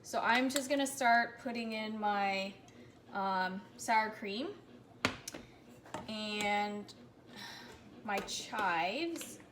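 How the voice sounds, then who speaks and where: A woman's voice: mid-range voice, drawn-out words, pauses often, background noise. Chatty woman cooking at home. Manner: chatty, offhand, talks while eating. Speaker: cooking vlogger. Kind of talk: casual cooking demonstration.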